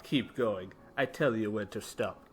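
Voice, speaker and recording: A man voicing a calm, kindly elderly grandmother with a put-on Russian accent, speaking in slow, clipped, broken phrases. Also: fairly low pitch, soft background music, voice pushed down, close to an everyday voice.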